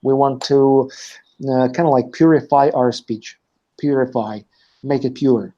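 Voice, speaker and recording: A man teaches a live online class and explains things step by step, pausing often on fillers. His voice is dark and mellow, and the sound is dull and lo-fi, like a video call. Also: medium pitch, fairly even intonation. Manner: hesitant, many "uh" fillers. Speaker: language teacher.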